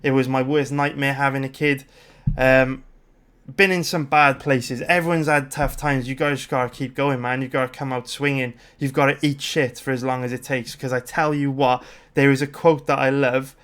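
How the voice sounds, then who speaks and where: A British man in his thirties talks on a livestream in a smooth, clear voice at an ordinary middle pitch. He rambles through his story with lots of fillers, restarts and swearing, in a loose, casual chat. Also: level tone, normal speed, a bit bright. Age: 30s. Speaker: livestream host.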